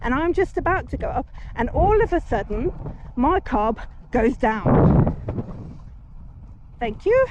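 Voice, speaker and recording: A woman in her forties vlogs while riding her horse along a busy road, chatting casually in a story-time way. Her high-pitched voice has lively intonation and an unhurried pace as she soothes the horse and thanks passing drivers. The outdoor recording is muffled, with traffic noise going by.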